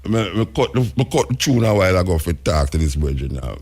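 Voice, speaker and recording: A Jamaican radio talk show host arguing with a caller and scolding him. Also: male voice, sits low, big pitch swings, quick pace, darkish tone. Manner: exasperated, scolding, interrupting. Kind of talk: call-in radio chat.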